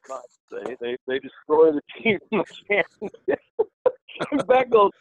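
A gravelly-voiced man spins a lively anecdote in a relaxed, chatty way, slipping into the voices of the people he quotes. His voice sits a bit high for a man. It comes through a thin, phone-like line with no room sound at all. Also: a little slow, no room sound. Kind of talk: casual storytelling.

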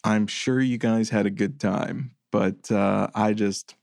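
A man's voice: on the low side, fairly even intonation, takes it slowly, creaky, a little mellow, dry recording. A man co-hosting a casual movie review podcast, dry, incredulous and sarcastic. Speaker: podcast co-host.

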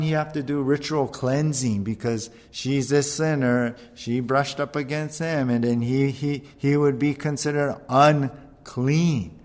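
A man preaching a conversational sermon, animated and often checking in with the listeners. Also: mid-range voice, in a large hall. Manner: conversational, animated, keeps asking "right?". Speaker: pastor.

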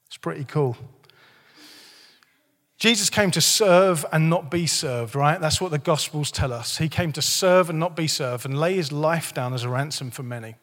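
A slightly hoarse man preaches in a church, his voice sitting a little high for a man. He keeps it conversational and jokey, and the sound rings with a long hall reverb. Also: moderate pace. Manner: lively, joking, conversational preaching. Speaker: pastor. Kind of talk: sermon.

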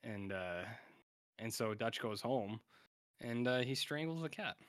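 Here the podcast co-host has a mid-range, fairly bright voice with lively intonation and a measured pace. He chats casually through a TV episode recap, rambling, leaning on filler, and voicing the characters' lines in quotes.

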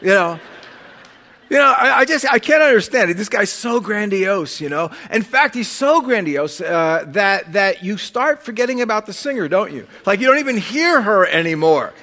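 A man preaching a sermon as pastor, conversational and animated, with sudden loud bursts and quiet drops. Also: sits high.

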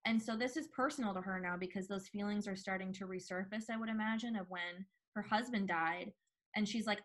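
A woman's voice: mid-range voice, a little fast. A woman chatting casually as a podcast co-host, recapping a TV episode with lots of fillers.

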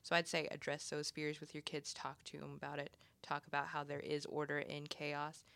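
A man's voice: a little high, completely flat delivery, normal speed, bright, forceful tone, clean tone, no echo. A man at a church roundtable earnestly advising parents to talk with their children. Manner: earnest advice on talking with kids. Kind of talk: roundtable discussion.

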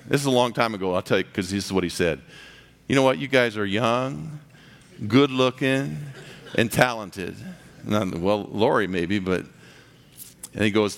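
This pastor's sermon moves at a normal pace, with vocal fry and frequent pauses, and it echoes through a reverberant hall. He preaches dynamically, building to loud, high crescendos and then sinking to a hush.

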